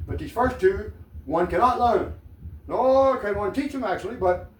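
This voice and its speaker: A man's voice: high voice, lively intonation, moderate pace. A man with a Southern American accent, talking in a rambling, profane, digressive monologue to the camera. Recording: echoey room, mic at a distance.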